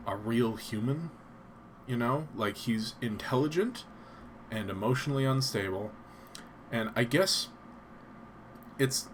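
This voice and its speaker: A man from Canada talks loosely to his live-stream viewers, voice sitting at an ordinary middle pitch. He wanders from thought to thought, often stopping to hesitate or restart a sentence. Faint noise hums behind him. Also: a bit bright. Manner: rambling, hesitant, lots of ums and restarts. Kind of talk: casual live-stream chat.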